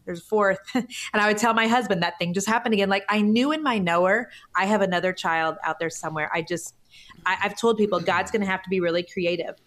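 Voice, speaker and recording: A woman's voice: medium pitch, fast talker, fairly bright tone. A woman in her forties telling a personal story as a podcast guest, earnest and emotional. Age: 40s. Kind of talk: conversational interview.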